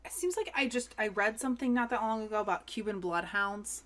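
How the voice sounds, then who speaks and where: A woman co-hosting a history podcast, talking in a relaxed way, often repeating words, and reading narration. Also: medium pitch, brisk. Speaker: podcast co-host.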